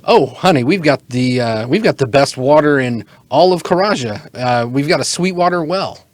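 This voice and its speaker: A man voicing a friendly woman bartender at a fantasy inn, warm and welcoming. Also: fairly high pitch, animated, normal speed, no room sound, lightly acted.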